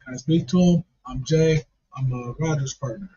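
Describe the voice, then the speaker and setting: A man's voice: on the high side, moderate pace, warm tone, husky. A man casually telling a profane, funny story and laughing along as he goes. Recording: dull lo-fi recording.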